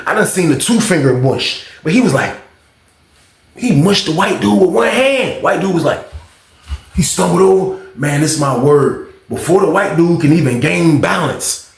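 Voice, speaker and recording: Animated man telling a prison story. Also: fairly high pitch. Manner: lively, acts out quotes with sudden shouts. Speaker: storytime host. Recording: echoey room.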